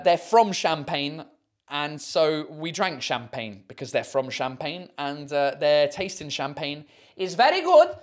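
A man hosting a casual livestream chat, rambling with many fillers and swearing freely. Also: a little high. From United Kingdom. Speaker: host.

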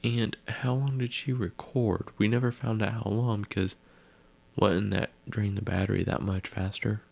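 A man's voice: lowish voice, steady tone, moderate pace, creaky. A man casually recapping a TV episode, rambling with wry asides and musing questions.

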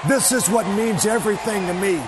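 Man, high voice, taunting wrestling promo, shouting, reverberant arena, faint background noise. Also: a little fast. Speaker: pro wrestler.

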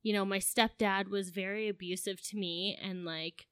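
A woman's voice: medium pitch, steady tone, normal speed, fairly bright tone, smooth, dry recording. Young woman podcast cohost, earnest and emotional, says like a lot, dry close mic. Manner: earnest, emotional, heavy use of "like". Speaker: podcast co-host. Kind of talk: casual podcast chat.

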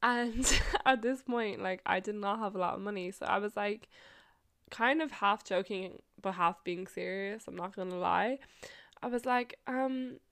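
With a gravelly yet fairly bright and clean mid-range voice, a twenty-something woman talks a little slowly on her casual storytelling podcast. Her personal anecdotes are chatty and peppered with swearing, frequent laughter, and lots of "like."

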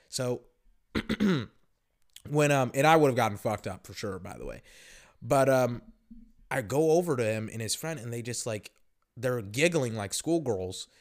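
Young male podcast host, casual storytelling, heavy swearing, loose rambling delivery, mid pitch. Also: lively intonation, normal speed. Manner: profane, rambling, many fillers. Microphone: podcast microphone.

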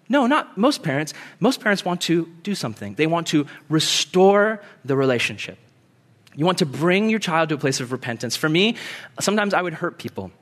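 A young man preaching a sermon in an animated way, acting out quoted voices and laughing easily. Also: sits high. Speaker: pastor.

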